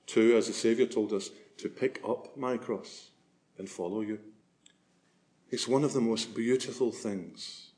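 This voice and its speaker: A man's voice: lowish voice, darkish tone. A man preaching a sermon as a priest, earnest and swelling to emphasis on key phrases.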